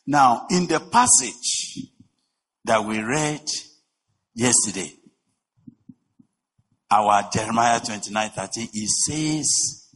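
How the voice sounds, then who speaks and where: A man preaching a sermon, emphatic, with rhetorical questions, swinging between shouting and a low voice. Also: animated, takes it slowly, long pauses, slight background noise. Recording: long reverb of a large hall.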